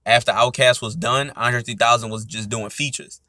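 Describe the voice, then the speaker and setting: A young man from Atlanta hosts his own podcast, speaking in a relaxed, rambling way with a lot of repeated fillers. His voice is bright and edgy, and the recording is dry and close with almost no room sound. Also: mid-range voice, normal speed, no room sound. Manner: loose, conversational, repeats "you know what I'm saying". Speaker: podcast host. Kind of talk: casual solo commentary.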